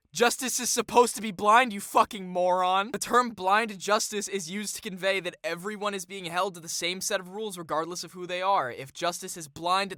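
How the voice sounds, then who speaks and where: A man's voice: a little high, bright, forceful tone, dry recording, clean studio sound. A young man ranting through commentary on an article with a sarcastic, heated and blunt manner.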